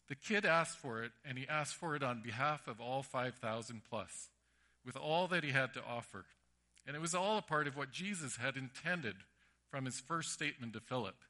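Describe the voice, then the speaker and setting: A man's voice: medium pitch, normal speed. A man preaching a sermon, telling stories animatedly and acting out the voices. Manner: animated storytelling with acted-out voices.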